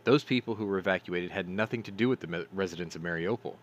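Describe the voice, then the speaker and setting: A man's voice: deep voice, fast, dull audio. A man hosting a news commentary stream, reading articles aloud and adding sarcastic, profane remarks, stumbling over names.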